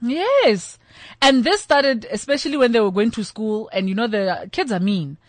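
Animated South African woman telling stories. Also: on the high side, normal speed, dry recording. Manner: animated storyteller, acts out quoted voices. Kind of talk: casual chat.

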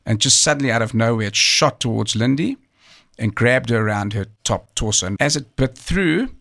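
A man narrating a documentary story in a measured, conversational way, with occasional fillers and restarts. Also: medium pitch, animated, gravelly, fairly bright tone. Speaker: storyteller recounting a true survival tale. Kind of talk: documentary narration, partly off the cuff.

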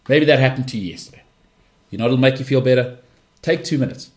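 Chatty lower-voiced man hosting a podcast. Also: lively intonation, fast, pauses often. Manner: chatty, rambling, acts out imagined people. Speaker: podcast host. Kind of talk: casual solo podcast chat.

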